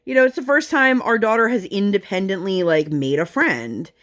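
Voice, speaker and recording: A woman's voice: medium pitch, normal speed, fairly bright tone. A woman in her thirties chatting casually while crafting, telling family stories with lots of fillers and laughter. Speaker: crafting vlogger.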